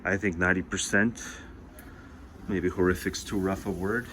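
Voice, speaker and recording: A man's voice: sits low, steady tone, normal speed, sharp tone, slight background noise. A man vlogging in a casual, meandering way, full of filler words, talking while making dinner. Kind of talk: casual rambling monologue.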